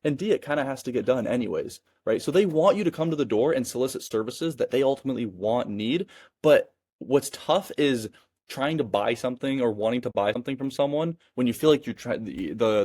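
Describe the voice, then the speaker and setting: A man's voice: mid-range voice, a little mellow, clean studio sound. Guy in his 20s talking sales tips, chatty, keeps saying right?, no echo. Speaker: sales coach and business owner. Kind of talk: casual teaching monologue.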